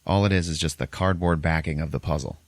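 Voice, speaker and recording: Deep-voiced man rambling through a movie recap. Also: steady tone, fast, dry recording. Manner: rambling, filler-heavy retelling. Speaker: podcast host. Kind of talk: casual chat, recapping a movie.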